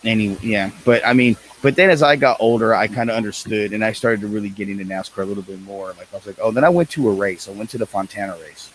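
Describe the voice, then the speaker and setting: A man's voice: on the low side, fast, hardly any pauses, slight background noise, low-quality recording. A man co-hosting a podcast in casual chat, rambling and slangy, with lots of restarts. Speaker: podcast co-host.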